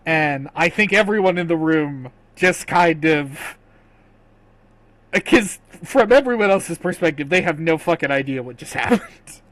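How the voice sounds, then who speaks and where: Slow, soft-spoken male game master. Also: on the high side, lively intonation, dry recording, low-quality recording. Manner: slow, soft narration with quick asides. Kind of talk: narrating a tabletop game.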